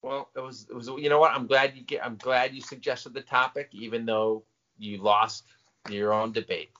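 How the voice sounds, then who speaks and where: A man's voice: mid-range voice, steady tone, sharp tone. A middle-aged man co-hosting a podcast in casual chat, teasing and interrupting his partner. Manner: teasing, interrupting, quick to laugh. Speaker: podcast co-host. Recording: dull lo-fi podcast audio.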